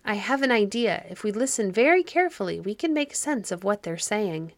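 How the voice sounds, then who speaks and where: A woman voicing an earnest, excitable young girl in a storybook. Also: medium pitch, fairly quick, no echo, close to an everyday voice. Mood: eager. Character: curious eager young girl.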